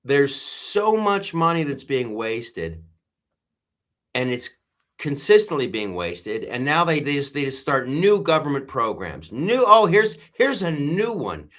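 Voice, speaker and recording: A man's voice: medium pitch, sing-song, measured pace, a bit bright. A man hosting a live stream, rambling through commentary with frequent restarts and laughing at his own jokes. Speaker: host.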